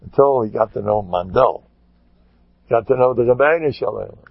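Man, rabbi, storytelling talk, animated, acts out quotes, gravelly, dry close sound. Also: mid-range voice, normal speed, no room sound. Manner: animated, acts out quotes, mixes in Yiddish and Hebrew words. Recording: dull lo-fi recording.

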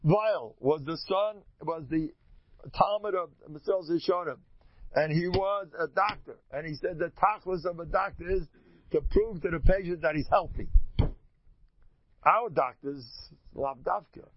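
Gravelly man telling rambling stories. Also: fairly high pitch, measured pace. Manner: rambling storyteller who acts out dialogue. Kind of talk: informal religious talk to an audience. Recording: muffled lo-fi recording with faint noise.

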